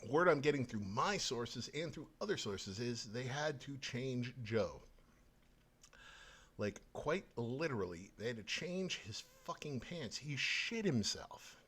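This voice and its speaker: Angry, foul-mouthed male host ranting in a scornful tone at middle pitch. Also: very animated, measured pace, a bit bright, husky. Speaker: podcast host. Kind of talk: profane political rant.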